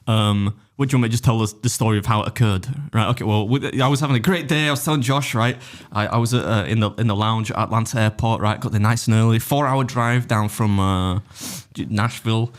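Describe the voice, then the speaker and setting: A man's voice: lowish voice, brisk, few pauses. A man telling a story in casual podcast chat, rambling and self-deprecating, with plenty of swearing. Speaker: podcast guest, food challenge YouTuber.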